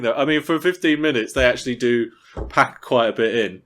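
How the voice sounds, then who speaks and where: A man's voice: mid-range voice, fairly quick, a bit bright. A man co-hosting a podcast in casual chat, chatty and given to playful teasing. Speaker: podcast co-host.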